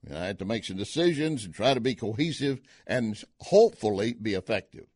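A man's voice: on the low side, lively intonation, fairly quick, a little mellow, dry recording, studio quality. Sarcastic man hosting political talk radio. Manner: sarcastic, folksy, scoffing. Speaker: radio talk show host.

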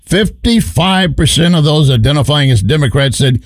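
Probing talk radio host, dry studio sound. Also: male voice, fairly high pitch, expressive, normal speed, no room sound. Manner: probing, laughs often. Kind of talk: political talk radio interview.

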